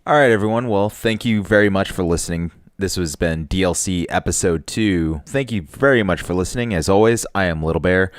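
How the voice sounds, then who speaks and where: A man's voice: low-pitched, a little fast, hardly any pauses, smooth, dry recording, clean studio sound. A man co-hosting a podcast, bantering casually with crude jokes. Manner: laid-back, crude banter. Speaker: podcast co-host. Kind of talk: casual comedic chat.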